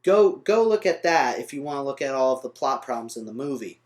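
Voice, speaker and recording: A man's voice: medium pitch, big pitch swings, brisk. A young man ranting in an unscripted vlog review, rambling off on tangents and correcting himself as he goes. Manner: rambling, trails off on tangents, frustrated. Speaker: vlogger reviewing a film. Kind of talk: off-the-cuff vlog rant.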